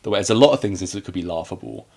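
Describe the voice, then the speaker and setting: A man's voice: deep voice, lively intonation, rapid-fire, gravelly, darkish tone. A man co-hosting a casual film review, chatty and joking, acting out scenes with quoted lines. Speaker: podcast co-host.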